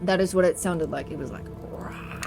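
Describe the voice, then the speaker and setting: A woman's voice: lowish voice, quick pace. A young adult woman telling a spooky personal story in a casual social-media style, cursing freely and laughing as she goes. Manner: profane, chatty, laughs through it. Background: faint spooky piano music.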